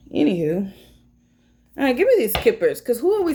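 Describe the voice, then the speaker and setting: Lady doing a tarot reading, high voice, cusses a lot, kinda rambly and blunt. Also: wildly swooping pitch, moderate pace, long pauses, mellow, slight background noise. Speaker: tarot reader.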